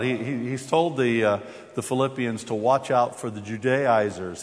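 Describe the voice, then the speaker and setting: American preacher in a reverberant church. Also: male voice, mid-range voice. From United States. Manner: many fillers and restarts, wry humor. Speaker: visiting preacher. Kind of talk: sermon with scripture reading. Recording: long hall reverb.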